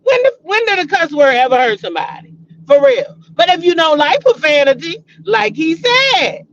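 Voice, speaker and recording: A woman's voice: very high-pitched, normal speed, lo-fi sound, slight background noise. A woman hosting a casual gossip vlog, laughing a lot and cursing freely as she talks. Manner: laughing, profane, excitable. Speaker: host.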